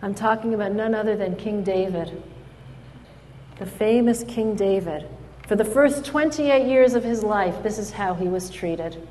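A woman's voice: mid-range voice, unhurried, a little hiss or hum. Storytelling woman in a reverberant hall. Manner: animated storyteller, acts out quoted voices. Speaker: speaker at an event. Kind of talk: storytelling speech.

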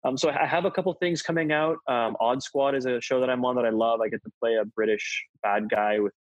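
A man's voice: mid-range voice, fairly even intonation, fairly quick, no echo, highs cut off. A man being interviewed about his acting work, chatty and self-deprecating, slipping jokes into his answers. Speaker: actor, interview guest. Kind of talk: casual interview chat.

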